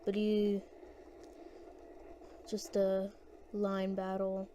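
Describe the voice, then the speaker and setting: A woman's voice: medium pitch, monotone, drawn-out words, warm tone, a little hiss or hum. A woman giving casual gameplay commentary, rambling and hesitant as she thinks aloud.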